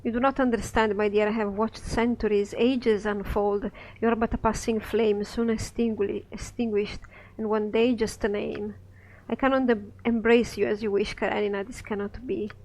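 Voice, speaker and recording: A man reading a scripted play aloud, voicing an ancient lonely wizard who speaks in solemn, measured rhyming verse. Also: sits high, flat delivery, darkish tone, rough recording. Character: ancient lonely male wizard, cold and sorrowful.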